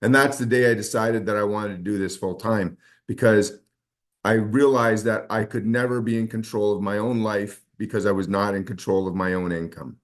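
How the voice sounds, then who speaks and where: A man's voice: fairly low pitch, steady tone, moderate pace. A man hosting a motivational team call, telling stories in an enthusiastic, rambling way.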